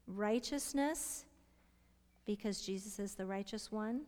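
A middle-aged woman with a medium-pitched voice teaches a Bible study, asking her listeners questions and sometimes dropping to soft whispers to stress a point. The recording has a long hall reverb.

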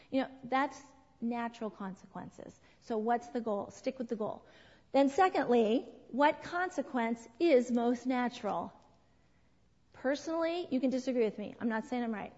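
A middle-aged woman leading a church parenting class. She talks in an animated way, asks the group questions and acts out what people said. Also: fairly high pitch, moderate pace. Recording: dull lo-fi sound with long hall reverb.

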